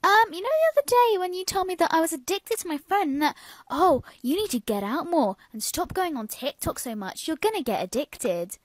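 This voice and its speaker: A woman's voice: extremely high pitch, very animated, a little fast, no echo. A woman narrating a storytime in a sassy, chatty way.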